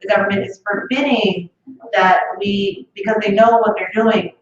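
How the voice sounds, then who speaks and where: A woman's voice: medium pitch, a little hiss or hum. Colombian woman doing stand-up, echoey and distant. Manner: animated, laughing at her own jokes, drawn-out emphasis. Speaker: stand-up comedian opening an open mic. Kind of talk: stand-up comedy set. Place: stage at a comedy club. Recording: echoey distant room sound, dull lo-fi.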